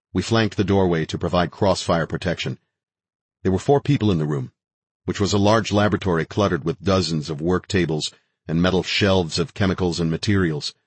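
A man's voice: low-pitched, slightly rough, no echo. A man narrating a first-person action thriller with a terse, driving delivery. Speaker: audiobook narrator.

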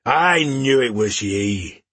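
A man reading an audiobook, voicing a boisterous male dwarf warrior with a growling, gravelly voice and drawn-out words. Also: medium pitch, animated, a bit bright, dry recording, heavily acted. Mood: gleeful.

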